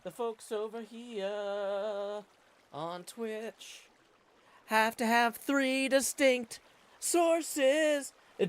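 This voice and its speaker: A middle-aged man, chatting casually on a live stream from his home studio, reading chat aloud and humming to himself. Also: sits high. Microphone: studio XLR mic.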